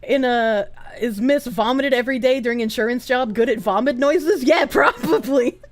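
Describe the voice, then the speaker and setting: Giggly high-voiced woman streamer. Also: normal speed, slight background noise. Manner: giggly, chatty, reads chat aloud. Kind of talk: casual live-stream chat.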